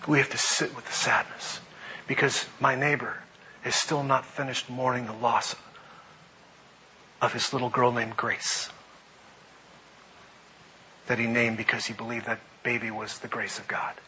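A middle-aged man preaching a sermon, animated, moving between loud emphasis and quiet reflection. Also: mid-range voice, measured pace, long pauses, a little hiss or hum, low-quality recording. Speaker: pastor.

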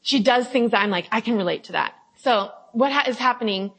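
A woman's voice: fairly high pitch, brisk, fairly bright tone, rough recording. A young adult woman giving a casual devotional talk, reading scripture and then chatting confessionally, with many fillers and acted-out quotes. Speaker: Bible study leader.

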